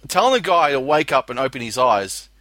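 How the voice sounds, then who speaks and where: Casting: Australian man, bright tone, dry close sound, blunt and foul-mouthed podcast talker. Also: mid-range voice, very animated, a little fast, dry recording. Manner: blunt, profane, laughs often. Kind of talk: casual chat.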